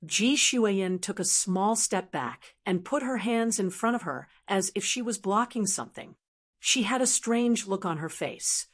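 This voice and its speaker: A woman narrating a fantasy audiobook in an even, steady reading voice. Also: medium pitch, a little slow.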